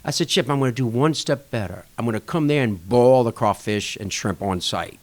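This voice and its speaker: Man telling a lively story. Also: brisk. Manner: animated anecdote-telling, acting out dialogue with shifting pitch. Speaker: podcast guest, restaurant association chair. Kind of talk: casual storytelling interview.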